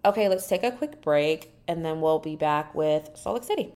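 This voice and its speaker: Sassy woman podcast host, low voice. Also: normal speed. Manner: animated, sassy, acts out quotes in exaggerated voices. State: dry mouth. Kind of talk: casual solo recap chat.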